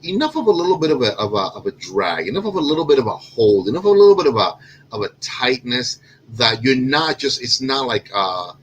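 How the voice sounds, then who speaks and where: A man's voice: medium pitch, big pitch swings, a little fast, slight background noise, poor audio. A man from Cuba hosting a casual cigar show, rambling and correcting himself with lots of fillers. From Cuban. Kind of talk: casual chat.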